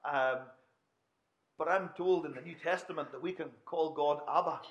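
A man's voice: fairly high pitch, normal speed, fairly bright tone, lo-fi sound. A man preaching a sermon in a conversational way, with asides and restarts.

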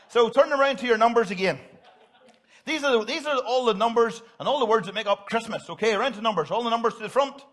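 A man's voice: extremely high pitch, brisk, pauses often, a bit bright. A middle-aged man, giving a jokey, upbeat children's talk in church and directing volunteers. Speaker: pastor.

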